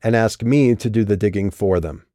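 A man reading an audiobook and voicing a guarded, quick-witted young woman who was once in a band. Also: fairly low pitch, mellow, no room sound, studio quality, lightly acted. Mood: evasive.

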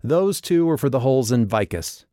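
A man's voice: mid-range voice, expressive, moderate pace, dark tone, no echo, studio quality, voice pushed up, lightly acted. A man voicing a defiant young woman who speaks in a cold, clipped way.

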